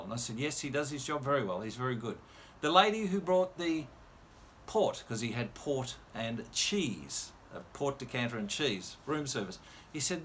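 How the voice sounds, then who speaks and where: A man's voice: medium pitch, very animated, normal speed, a bit bright, slight background noise. An older man from Australia, a radio presenter and MC telling a chatty anecdote in casual storytelling style, quoting the other people in dialogue.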